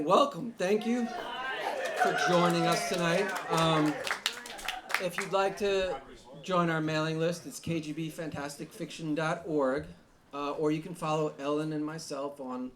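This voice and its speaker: A man from Long Island, New York, hosting a live reading series in a bar, joking and energetic with the audience. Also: on the high side, measured pace. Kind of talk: live event emcee. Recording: noisy bar with crowd. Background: crowd chatter and noise.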